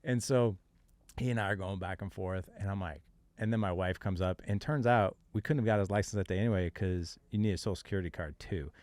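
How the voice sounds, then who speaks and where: A middle-aged man hosting a podcast, telling a story with lively energy and acting out what people said in an exasperated way. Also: sits low, brisk. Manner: lively, exasperated retelling with acted-out quotes. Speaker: podcast host. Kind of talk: animated storytelling in casual chat.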